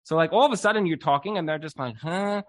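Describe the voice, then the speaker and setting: A man's voice: fairly high pitch, fast talker, no echo. A man talking as a marriage counselor in a casual podcast chat, animatedly acting out what spouses say. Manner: animated, acts out quoted spouses.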